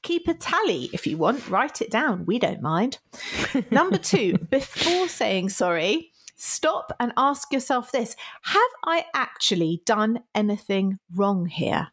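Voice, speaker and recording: A woman's voice: a little high, sing-song, takes it slowly. A woman co-hosting a podcast in casual chat, laughing often and acting out apologetic quotes. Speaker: podcast co-host.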